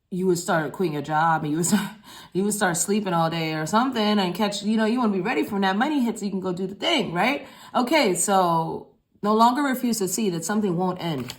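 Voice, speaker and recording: A woman giving a casual collective tarot reading, talking in a loose, rambling, slangy way with frequent swearing and repeated phrases. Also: fairly low pitch. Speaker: tarot reader.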